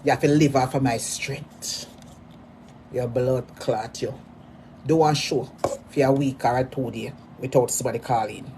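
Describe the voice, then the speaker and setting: A Jamaican woman delivering a mocking, repetitive rant at a rival, hurling insults in sudden loud bursts. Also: extremely low pitch, fairly even intonation, normal speed, slight background noise. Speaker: social media personality.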